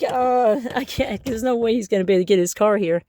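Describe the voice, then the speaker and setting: A woman's voice: fairly high pitch, fairly quick, few pauses, warm tone, slight background noise. A middle-aged woman ranting in a rambling, profane casual monologue full of fillers and restarts. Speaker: vlogger.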